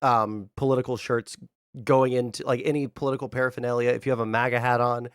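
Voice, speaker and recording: A man from the US Deep South with a faint Southern accent, co-hosting a casual, profane political chat full of quick asides. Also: flat delivery, clean tone, no echo, studio quality.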